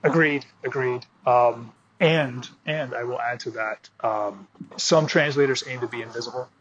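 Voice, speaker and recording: A man's voice: medium pitch, a little slow, fairly bright tone, muffled recording, a little hiss or hum. Hesitant male interview guest. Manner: hesitant, many restarts, friendly. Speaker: guest, riding and martial arts instructor. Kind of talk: conversational interview.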